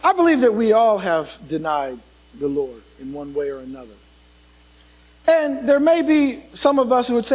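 A man preaching a sermon, turning dramatic as he swings from loud emphasis to hushed tones and puts questions to the congregation. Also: extremely high pitch, huge pitch swings, moderate pace, low-quality recording.

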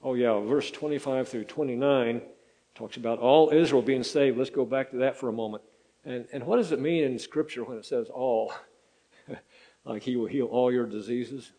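An older man preaching a sermon in a folksy, halting way, with many fillers and restarts. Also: medium pitch, dark tone, rough recording. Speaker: pastor.

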